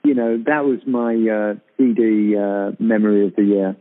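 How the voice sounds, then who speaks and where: A man chatting on a radio show from abroad, talking haltingly with many fillers and restarts. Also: fairly low pitch, level tone. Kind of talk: casual radio chat. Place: abroad in Britain, calling in. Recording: tinny phone-line sound on radio.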